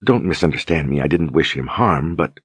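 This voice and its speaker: A man voicing a soft-spoken, demure young noblewoman duchess in an audiobook, courteous and flattering. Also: extremely low pitch, a little fast, breathy edge, no echo, full character voice. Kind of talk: audiobook character reading.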